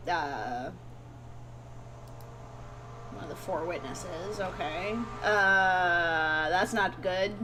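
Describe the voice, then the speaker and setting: Chatty woman with a lively voice. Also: medium pitch, a little hiss or hum. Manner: chatty, playful and exclamatory. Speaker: let's play host. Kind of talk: casual gameplay commentary. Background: game music.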